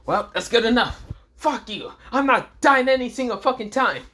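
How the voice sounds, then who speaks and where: A man voicing a crude, loud male mercenary antihero who curses and shouts in high, strained yelps. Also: animated, moderate pace, exaggerated voice. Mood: taunting.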